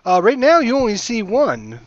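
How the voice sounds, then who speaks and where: A man's voice: very high-pitched, huge pitch swings, normal speed, no echo, muffled recording. A man narrating a tabletop game as game master, meandering and hesitant, with many fillers, heard over voice chat.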